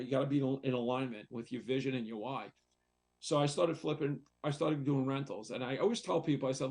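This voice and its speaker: A man's voice: medium pitch, a little mellow. A man, a real estate investor and coach, speaking candidly and conversationally on a talk show, repeating himself as he tells a personal story. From United States.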